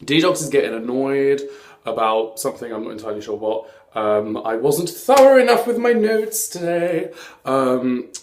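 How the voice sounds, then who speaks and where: A man's voice: mid-range voice, lively intonation, normal speed, slight background noise. A camp man chats through a TV recap at a casual clip, tossing out sassy asides as he goes. His voice sits in an everyday middle register and rings off the walls of an echoey room. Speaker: host of a TV recap show.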